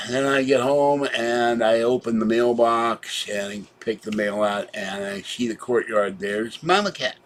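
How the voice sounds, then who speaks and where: A man vlogging a meandering personal story in a chatty way, tired and low on energy, with sudden loud exclamations. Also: unhurried.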